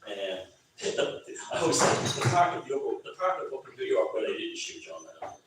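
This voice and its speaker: A man's voice: medium pitch, big pitch swings, a little fast, heavy background noise. An Irish man giving an informal, rambling talk at a book launch, full of asides and restarts. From Ireland. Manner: rambling, conversational, many restarts. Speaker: author speaking at his book launch. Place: pub function room. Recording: very echoey, distant, lo-fi room recording.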